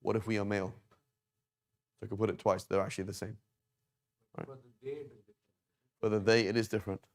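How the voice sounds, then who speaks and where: Here the Arabic teacher sounds lower and brisk, with a flat delivery. He still explains verb conjugation patiently at the whiteboard, regularly checking understanding with "right?" and "okay?".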